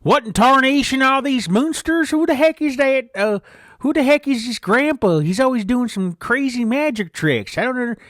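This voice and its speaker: A man voicing a loud, nosy rural camper who keeps exclaiming in bafflement. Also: very high voice, expressive, moderate pace, no room sound, clean studio sound, voice pushed up. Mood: bewildered, loud. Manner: loud, exclaiming, hick drawl. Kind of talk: improvised podcast storytelling.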